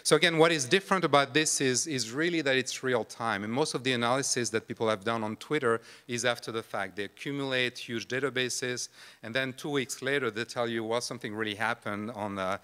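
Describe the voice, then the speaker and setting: A man's voice: mid-range voice, fairly quick, sharp tone, clean tone. A man giving a conference presentation on a microphone in a large lecture room, hesitant and full of fillers and restarts. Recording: long hall reverb.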